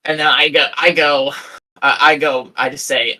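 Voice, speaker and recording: A man hosting a podcast, telling a story in casual chat, animated and self-mocking, swearing freely. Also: a little high, normal speed, low-quality recording. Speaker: podcast host.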